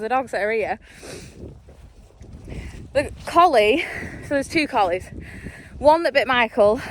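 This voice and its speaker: A woman's voice: high voice, a little hiss or hum. A young woman, chatting casually to a handheld phone in a big field with horses and dogs. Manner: chatty, laughing asides, talking to animals. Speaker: vlogger. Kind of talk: casual vlog chat.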